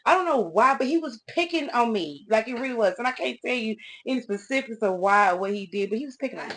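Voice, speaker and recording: A woman's voice: mid-range voice, a bit bright, slight background noise. A woman vlogger chatting through a casual get-ready-with-me storytime at home, talking straight to her viewers as y'all and acting out the voices of people in her story. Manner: acts out voices in retold conversations. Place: at home doing her makeup.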